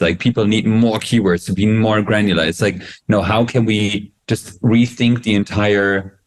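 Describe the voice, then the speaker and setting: A man on a panel explaining how his company built its system, talking in quick bursts with frequent fillers. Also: lowish voice. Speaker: tech company representative. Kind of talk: panel discussion.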